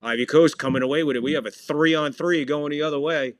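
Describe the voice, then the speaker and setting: A man's voice: a little high, steady tone, a little fast, dry recording. A man hosting a podcast, giving casual live play-by-play of a football match, joking and playfully stumbling over foreign names. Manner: jokey, playfully mangles foreign words. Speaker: podcast host and commentator.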